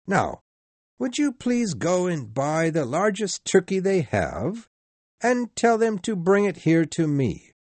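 A man's voice: high-pitched, huge pitch swings, slow pace, darkish tone, dry recording, voice pushed up, exaggerated voice. A man voicing an elderly reformed miser, overjoyed and laughing as he exclaims his lines. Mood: eager.

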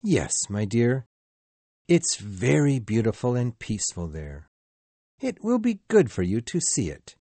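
Man putting on a grieving storybook father, slow, gentle, raised pitch, dark tone. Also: big pitch swings, dry recording. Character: kindly, grief-worn working father. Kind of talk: storybook reading.

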